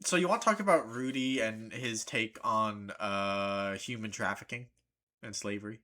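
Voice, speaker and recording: A man co-hosting a casual podcast, chatting in a relaxed, hesitant way. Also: on the low side, moderate pace. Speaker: podcast co-host. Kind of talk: casual discussion.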